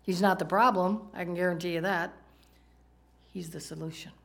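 A woman's voice: lowish voice, fairly even intonation, normal speed, gravelly, fairly bright tone. Woman preaching a conversational sermon. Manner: conversational, asks the congregation questions. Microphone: microphone, PowerPoint slides in a church.

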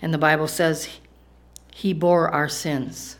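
A woman with a somewhat low voice preaches a sermon. She talks in a casual, conversational way and keeps asking her congregation questions. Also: level tone, slow.

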